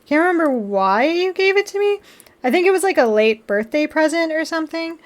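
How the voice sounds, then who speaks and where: A woman's voice: very high voice, big pitch swings, a little fast. A woman chatting casually on a live stream while building a model kit. She laughs often and swears freely. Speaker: livestreamer building model kits.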